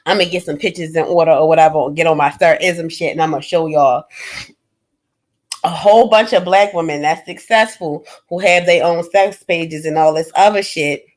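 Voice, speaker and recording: A woman, hosting a livestream and ranting bluntly and profanely to her chat, swinging between loud and low. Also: fairly quick. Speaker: livestream host. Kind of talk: casual livestream rant.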